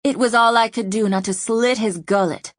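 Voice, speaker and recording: A woman's voice: a little high, fairly even intonation, normal speed, no echo, studio quality, voice pushed up, lightly acted. A woman voicing a fierce young poisoner. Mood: bitter. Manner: intense, agitated. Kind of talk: audiobook character voicing.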